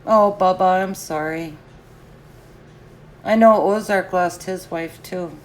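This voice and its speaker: A woman's voice: on the low side, slow, a little mellow. A middle-aged woman chatting casually and answering live comments, laughing often.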